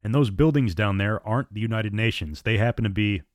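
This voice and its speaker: A steady male airline captain holds his nerve and speaks with quiet resolve, firm but never falsely cheerful. His voice sits a touch low and close to the mic, with no room around it. A man reads him in near his own voice. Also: fairly quick, no room sound, lightly acted. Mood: resolute.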